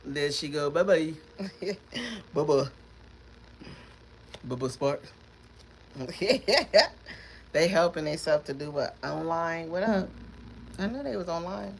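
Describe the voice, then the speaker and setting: Woman, tarot reader, casual live stream, rambling and emphatic, repeats words, lower-pitched, faint background noise. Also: lively intonation, takes it slowly, vocal fry, long pauses.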